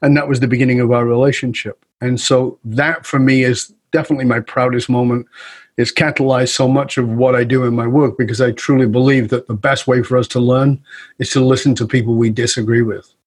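A middle-aged man, a guest on an interview show, telling a story in a lively conversational way and acting out the dialogue. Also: medium pitch, fairly quick, slightly rough. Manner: animated storyteller who acts out quoted dialogue. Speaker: guest speaker and coach.

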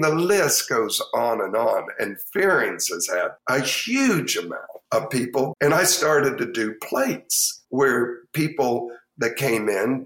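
An older man with a Texan accent, a chef telling lively anecdotes in an interview and acting out the people in them. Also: medium pitch. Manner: lively anecdotes, acts out quoted voices. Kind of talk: storytelling interview. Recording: echoey room.

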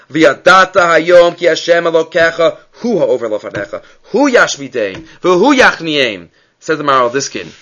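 A man's voice: on the high side, a bit bright. A man teaching an evening text study class, reading passages aloud and then explaining them with rhetorical questions. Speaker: Torah teacher.

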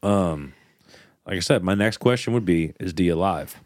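A man's voice: sits low, moderate pace, no echo, studio quality. A male podcast co-host in casual chat, musing aloud and asking questions.

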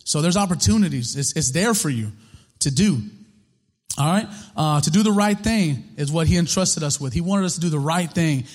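A man's voice: on the high side, animated, moderate pace. A man preaching a sermon in a casual, conversational way, full of rhetorical questions and repetition. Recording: long reverb of a hall.

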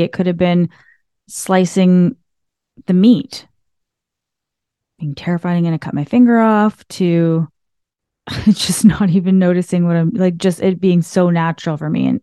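A woman's voice: fairly low pitch, fairly even intonation, normal speed, mellow, smooth, no room sound, studio quality. A woman hosting a podcast, talking casually from behind her desk, laughing often and filling her speech with "like.". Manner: chatty, laughs often, filler "like". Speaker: podcast host. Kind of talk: casual motivational monologue. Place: small room behind a desk. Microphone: desk microphone.

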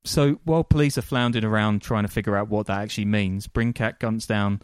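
A man's voice: on the low side, fairly even intonation, fairly quick, smooth, dry recording, studio quality. A male podcast host telling a crime story in casual chat, with lots of ums and frequent laughs.

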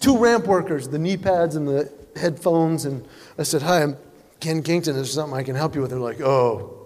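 A man doing stand-up comedy, telling animated stories and acting out the voices of the people in them. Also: on the high side, fairly quick. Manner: animated storytelling, acts out voices. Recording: live hall with audience.

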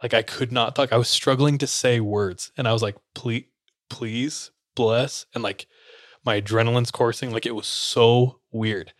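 A young man co-hosting a podcast tells a story in casual chat, loose and laughing as he acts out the lines of the people in it. His mid-range voice is steady at normal speed, with dry, clean studio sound.

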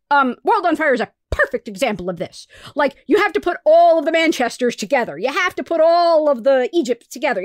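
A woman's voice: high voice, dry recording, studio quality. A woman co-hosting a podcast in casual chat, giving blunt, emphatic opinions. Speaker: podcast co-host.

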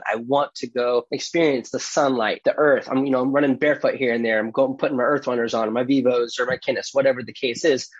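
A man talking fast and eagerly about his training, piling on asides and quoting himself as he goes. His voice is a little husky and dry, and the recording sounds dull and lo-fi. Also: medium pitch, no echo. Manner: enthusiastic, rambling, with acted self-quotes. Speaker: coach. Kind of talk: casual conversational storytelling.

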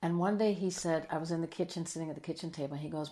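Middle-aged woman, lowish voice, earnest storytelling, soft quiet drops, lively when quoting. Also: racing. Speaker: guest. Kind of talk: conversational interview storytelling.

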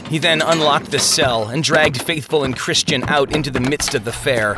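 A man narrating a story in an expressive storytelling style. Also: a little high, normal speed, hardly any pauses, slightly rough, no room sound, studio quality. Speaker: audiobook narrator. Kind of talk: scripted narration.

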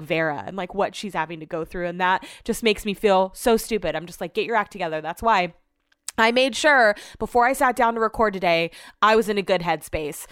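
A woman's voice: medium pitch, clean tone, no room sound, studio quality. A woman in her thirties hosting a solo podcast, chatty and rambling, swearing freely and filling her talk with "like", feeling emotional. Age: 30s. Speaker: podcast host. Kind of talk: casual solo podcast chat.

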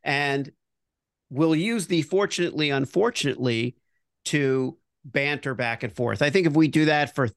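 A man's voice: on the high side, normal speed, no room sound, studio quality. A middle-aged man co-hosting a podcast, explaining an improv game and repeating words as he thinks. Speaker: podcast co-host. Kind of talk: casual improv coaching.

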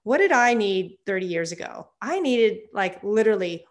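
Candid fifties woman, therapist guest on an interview, open and animated. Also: mid-range voice, normal speed. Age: 50s. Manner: candid, animated, laughs often. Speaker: psychotherapist guest. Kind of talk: conversational interview.

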